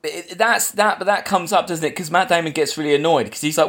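A man's voice: a little high, fast, hardly any pauses, fairly bright tone. A man co-hosting a casual film podcast, chatting loosely with plenty of fillers and restarts. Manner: chatty, rambling, lots of yeahs and restarts. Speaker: podcast co-host running a quiz.

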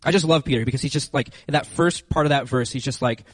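A man preaching a lively, conversational sermon into a handheld microphone, speaking directly to his listeners. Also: medium pitch, fast, few pauses, dry recording, rough recording. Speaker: youth preacher. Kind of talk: lively sermon with acted-out scenes.

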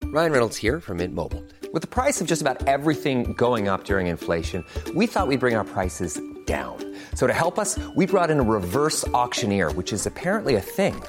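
A man's voice: mid-range voice, sing-song, fairly quick, few pauses, music in the background. A man giving a dry, wry scripted ad read. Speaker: ad spokesman.

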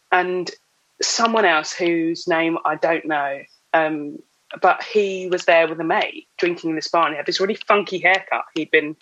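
A woman, a guest actress on a casual podcast, telling stories with lively laughter. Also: lowish voice, dull audio. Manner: animated storyteller, laughs often.

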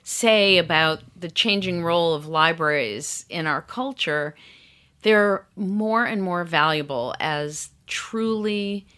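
A woman's voice: lowish voice, takes it slowly, a bit bright, smooth. A woman author as an interview guest, speaking thoughtfully and trailing into asides. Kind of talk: conversational interview.

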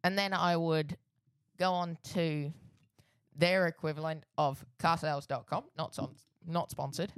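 A man's voice: fairly high pitch, steady tone, a little slow, a bit bright, smooth, no room sound, studio quality. An Australian man co-hosting a podcast in casual chat, rambling and correcting himself as he goes. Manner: rambling, self-correcting, laughs easily. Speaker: podcast co-host.

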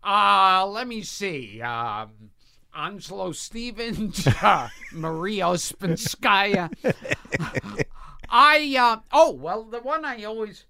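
A man in his fifties, a comedian being interviewed, speaking in a slow, deadpan, wry way in casual chat. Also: high voice, creaky. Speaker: comedian guest.

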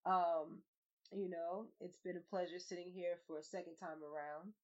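Loud laughing woman podcast host. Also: on the low side, little pitch movement, moderate pace. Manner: loud, laughing, swearing slang banter. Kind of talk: casual podcast chat. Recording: slightly dull lo-fi podcast audio.

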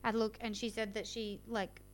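A woman's voice: fairly high pitch, flat delivery, normal speed. A young adult woman, co-hosting a casual recap, agreeing often and adding emphatic comments. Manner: agreeable, frequent back-channel yeahs, emphatic bursts.

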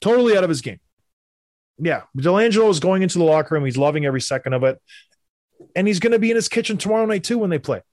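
A man who used to play hockey, hosting a casual sports talk show and giving animated, opinionated rants. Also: high voice, racing, no echo, studio quality. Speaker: podcast host, former hockey player.

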